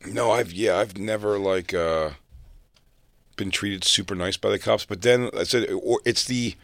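A man with a very low, deep voice rambling through casual stories. He talks in a laid-back way and keeps circling back on himself. The sound is close and dry. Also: measured pace, fairly bright tone, no room sound. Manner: rambling and laid-back, full of fillers and restarts. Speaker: comedian podcast guest. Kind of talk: casual storytelling chat.

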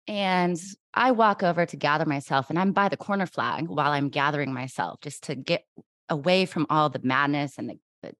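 A woman in her forties hosting a podcast, telling a lively story in casual chat and acting out her own past thoughts. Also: low-pitched, normal speed, no room sound. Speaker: podcast host.

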